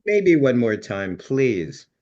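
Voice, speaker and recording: A man's voice: medium pitch, very animated, slow pace, a little mellow, lo-fi sound. An older man hosting a live-streamed magic show, announcing acts in a showbiz style. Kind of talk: showman's host patter.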